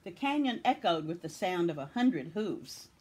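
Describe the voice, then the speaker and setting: A woman from Tennessee reading a children's picture book aloud with expressive storytelling. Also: on the low side, normal speed, slightly rough.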